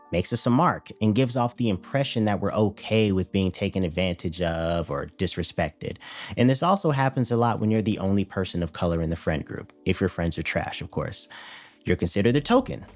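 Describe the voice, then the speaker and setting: A man hosting his channel, giving scripted commentary in a wry, blunt way. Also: lowish voice. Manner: wry, blunt, expressive delivery. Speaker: host. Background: faint music.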